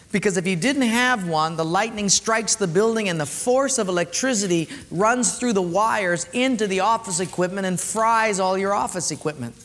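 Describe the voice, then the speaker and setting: A man preaching a sermon as pastor, telling stories with lively vocal sound effects. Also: high voice, long reverb tail. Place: church.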